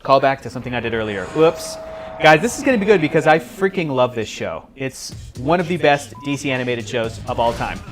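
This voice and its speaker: A man hosting a livestream, chatting with viewers in a loose, joking, excitable way. His pitch sits in the middle, and he talks straight into a home streaming mic. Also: a little fast, faint music behind. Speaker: livestream host. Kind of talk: live reaction stream.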